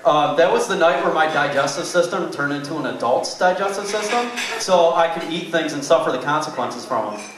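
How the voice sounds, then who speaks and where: A man's voice: fairly high pitch, fairly quick, few pauses, fairly bright tone. Young man doing rambling stand-up. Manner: rambling, loose delivery with many fillers. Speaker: stand-up comedian. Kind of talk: stand-up comedy set. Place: small comedy club. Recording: echoey club room, mic far off, faint noise.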